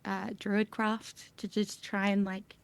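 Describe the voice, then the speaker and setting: A woman's voice: mid-range voice, little pitch movement, slow pace, gravelly, smooth. A woman playing in a tabletop role-play game, rambling and unsure as she describes her actions. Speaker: player.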